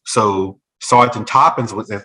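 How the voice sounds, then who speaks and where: Male, former principal recounting a personal story in conversation; animated delivery, mid-range voice, slips into others' voices. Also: fairly low pitch, slow pace, poor audio. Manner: animated, acts out other people's voices in quotes. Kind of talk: storytelling in a talk show conversation.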